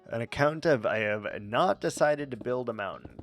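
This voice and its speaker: A man's voice: mid-range voice, expressive, moderate pace, hardly any pauses, soft background music. A man streaming a game, chatting casually with silly, playful asides and mutters. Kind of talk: casual gameplay commentary.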